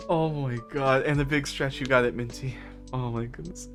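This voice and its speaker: A woman livestreaming in casual chat, telling funny stories through fits of laughter and gushing shout-outs to viewers. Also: extremely low pitch, moderate pace, faint music behind. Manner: giggly, bursts into laughter while storytelling.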